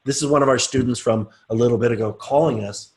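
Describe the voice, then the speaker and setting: A middle-aged man leads a live class. His voice sits at an ordinary pitch. He shifts from easy chat into a slow, soft, coaxing guided relaxation. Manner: relaxed, coaxing, speaks slowly and softly when guiding. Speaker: teacher leading a group session.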